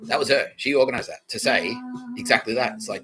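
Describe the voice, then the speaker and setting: A man's voice: fairly low pitch, lively intonation, quick pace, music in the background, rough recording. A man hosting a comedy podcast livestream, rambling, swearing freely and often breaking into laughter. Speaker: podcast host.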